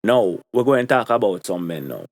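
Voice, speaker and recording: A man's voice: lowish voice, big pitch swings, brisk, heavy background noise. A young man with a Jamaican accent giving an opinion monologue to camera, repeating his points for stress. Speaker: commentary vlogger.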